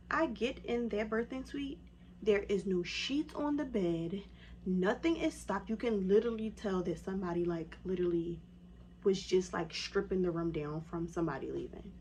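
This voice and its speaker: A woman at an ordinary medium pitch tells her story straight to camera in a relaxed, chatty way. She gets animated and pushes her voice high when she quotes other people. A soft hiss sits faintly under the recording. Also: normal speed. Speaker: vlogger telling her birth story.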